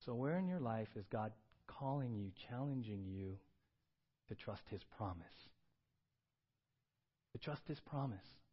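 A man preaching a sermon with animated swings between loud excited bursts and quiet earnest tones, reading scripture aloud. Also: mid-range voice, unhurried, long pauses, husky, muffled recording. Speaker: pastor.

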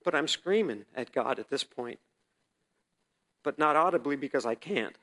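A man preaching a personal testimony as a sermon, telling the story vividly and swinging between loud and hushed delivery. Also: on the high side, moderate pace.

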